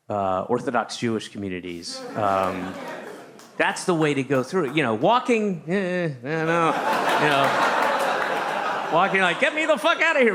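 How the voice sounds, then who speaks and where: A man's voice: mid-range voice, fairly bright tone, slight background noise. A man doing stand-up comedy on a stage, chatting with the crowd in a sardonic, teasing way. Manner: sardonic, conversational, teasing the audience. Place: comedy stage in New York.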